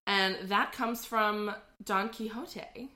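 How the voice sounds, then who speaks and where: Speaking slowly at a medium pitch, her tone steady and sharp, a woman co-hosts a podcast. She chats casually about the origins of phrases, full of fillers.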